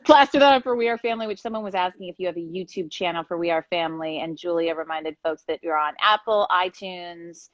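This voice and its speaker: A woman's voice: fairly low pitch, quick pace, few pauses, dry recording, muffled recording. A woman interviewing a guest, enthusiastic and reading out viewer comments during a casual video chat.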